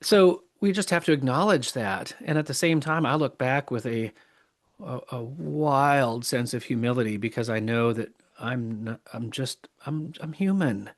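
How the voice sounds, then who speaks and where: Earnest middle-aged man, halting speech. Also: mid-range voice. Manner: earnest, halting, many restarts. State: choked up with emotion. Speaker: podcast guest. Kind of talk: casual interview talk.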